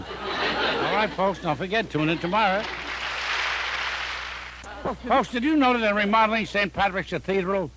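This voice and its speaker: An older male comedian rattling off one-liners in a punchy, deadpan joke-telling style. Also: high voice, noisy background. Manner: punchy deadpan joke delivery with quick setups. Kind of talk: rapid-fire one-liner joke recording.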